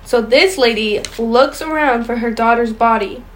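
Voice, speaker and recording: On the casual chat show she co-hosts, this young woman reads ghost stories aloud, sometimes fumbling a word. Her fairly high, fairly bright voice moves at a moderate pace over a rough recording.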